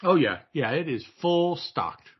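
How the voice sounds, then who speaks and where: Male podcast co-host, husky and halting, muffled lo-fi sound. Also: fairly high pitch, sing-song. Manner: hesitant, restarts and fillers. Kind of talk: casual comic book discussion.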